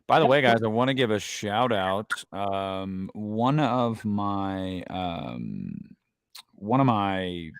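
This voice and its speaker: A man's voice: on the low side, lively intonation, takes it slowly, smooth, no echo. A man hosting a livestream in casual chat, rambling with many fillers and restarts. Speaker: livestream host.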